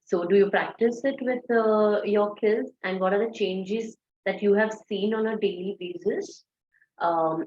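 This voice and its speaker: A woman's voice: medium pitch, reverberant, highs cut off. A woman moderating a webinar, reading out audience questions in a hesitant way with many fillers.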